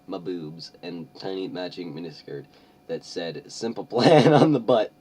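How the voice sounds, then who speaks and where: A man's voice: sits low, expressive, measured pace, warm tone, slightly rough, recorded from a distance. A young man doing a comedic reading of a story, sarcastic and mocking, often laughing. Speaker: host.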